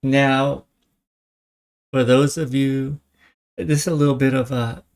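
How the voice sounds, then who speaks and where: A man's voice: medium pitch, flat delivery, slow pace, darkish tone. A man hosting a gaming channel, giving chatty, rambling let's-play commentary into a desk microphone.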